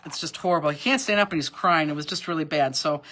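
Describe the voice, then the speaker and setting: A woman's voice: low-pitched, quick pace, a bit bright. Chatty woman hosting a craft class. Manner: rambling, chatty, emotional, with frequent fillers and restarts. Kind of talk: live online craft class with chatty storytelling. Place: warehouse workspace.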